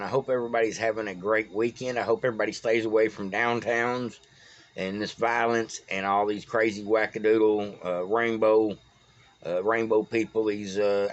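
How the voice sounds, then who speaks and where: Man, Texan accent, low-pitched, rambling folksy commentary, dull phone recording. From Texas. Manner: rambling, folksy, stumbles over names. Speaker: political vlogger. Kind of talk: casual solo commentary.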